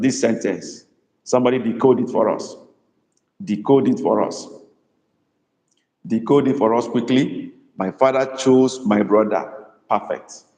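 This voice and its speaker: A man teaching a live online language class, patiently repeating phrases slowly for his students. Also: fairly low pitch, a little mellow. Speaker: Igbo language tutor. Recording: echoey room with long reverb.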